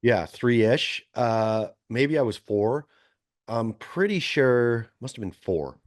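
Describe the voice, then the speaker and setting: A man's voice: medium pitch, animated, slow pace, no room sound, studio quality. A man in his forties co-hosting a podcast, chatting casually and rambling through opinionated asides with frequent self-corrections. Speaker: podcast co-host. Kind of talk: casual chat.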